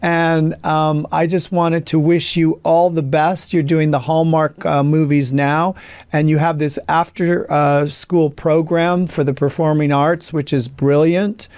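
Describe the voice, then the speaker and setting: A man's voice: a little high, level tone, unhurried, a little mellow, clear, resonant tone, no echo. A man hosting an interview, asking questions and offering upbeat encouragement. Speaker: interview host.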